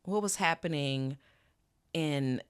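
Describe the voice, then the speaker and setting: A woman's voice: deep voice, slow, clean tone, no echo, clean studio sound. A woman hosting a podcast in frank, profane, joking casual chat. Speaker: podcast host.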